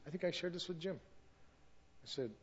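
A middle-aged man tells his own story to a church congregation, earnest and openly emotional. His voice sits a little high for a man. The recording is dull and lo-fi. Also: a little fast, breathy edge. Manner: earnest and emotional, sometimes loses his place. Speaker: church testimony speaker. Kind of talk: personal testimony at a church service.

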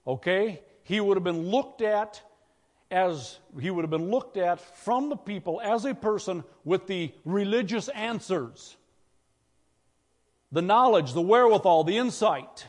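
High-voiced preacher in a reverberant hall. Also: male voice, animated, unhurried. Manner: conversational preaching, asks the congregation questions. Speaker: pastor. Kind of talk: sermon. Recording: long reverb of a church hall.

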